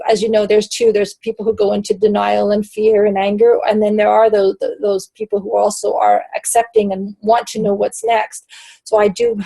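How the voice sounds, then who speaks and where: A woman guest in an interview, a caregiver coach who talks in an earnest, halting way with many restarts. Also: mid-range voice, vocal fry, mellow, breathy edge. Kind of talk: casual interview chat.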